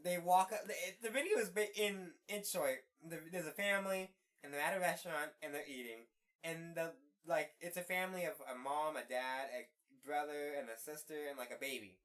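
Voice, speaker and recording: A woman's voice: deep voice, brisk. A young adult woman hosting a casual podcast chat, telling stories in a rambling way with lots of "like" fillers. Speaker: podcast host.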